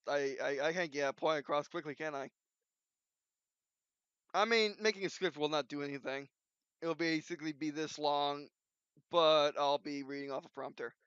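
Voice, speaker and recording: High, smooth-voiced man rambling on. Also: a bit bright, no room sound. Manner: rambling, many restarts and fillers. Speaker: video host. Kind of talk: unscripted casual commentary. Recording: dull lo-fi recording.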